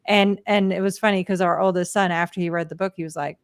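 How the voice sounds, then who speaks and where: A woman's voice: fairly low pitch, steady tone, quick pace, clean tone, dry recording. A woman guest talking casually about raising her children, chatty with frequent laughs. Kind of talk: casual chat.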